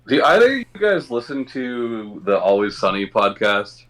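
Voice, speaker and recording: A man on a podcast telling an anecdote in a casual, animated way, with casual swearing. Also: on the low side, moderate pace, low-quality recording. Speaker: podcast co-host. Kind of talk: casual chat.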